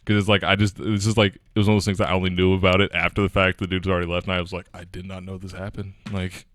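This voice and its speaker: A man's voice: deep voice, flat delivery, very fast, dry recording, studio quality. A young man co-hosting a casual podcast chat, laid-back and laughing often as he tells stories. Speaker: podcast co-host.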